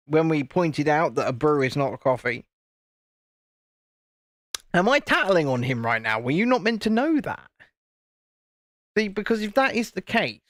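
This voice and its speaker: A chatty man hosting a relaxed live stream from home, talking while he builds. His voice sits a little high, and the sound is close and dry with little room to it. He teases and jokes in a self-deprecating way. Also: dry recording.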